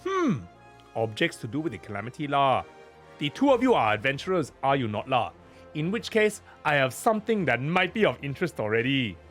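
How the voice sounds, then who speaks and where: A man's voice: mid-range voice, sing-song, a little fast, a bit bright, soft background music. A man voicing an eccentric male video game merchant who talks in a sing-song way and tacks a tic onto his sentences.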